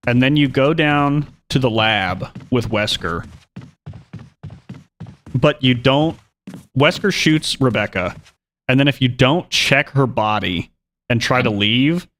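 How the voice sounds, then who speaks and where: A man's voice: medium pitch, fairly bright tone, a little hiss or hum. A man streaming a horror video game, chatting casually and narrating his own moves with wry asides. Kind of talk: live gameplay commentary.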